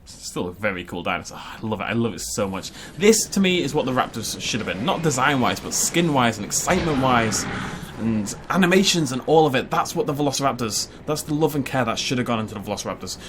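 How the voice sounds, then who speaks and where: A man's voice: medium pitch, lively intonation, quick pace, a bit bright, slight background noise. A young man from Wales, hosting a casual let's-play, rambling and joking with frequent laughs. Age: young adult. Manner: rambling and jokey, laughs often. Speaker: gaming video host.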